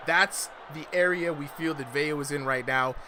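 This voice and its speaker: A man with a fairly high-pitched voice speaks at a moderate pace while calling a boxing exhibition live. His esports-style commentary brims with slang and hype, including frequent "you know what I'm saying", and the livestream audio is noisy.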